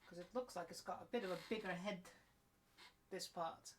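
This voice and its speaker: A woman's voice: on the low side, normal speed, slight background noise. A woman chatting casually while she works on a craft build, thinking aloud and trailing off, with the hiccups. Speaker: cosplay crafter streaming her build. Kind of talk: casual working commentary.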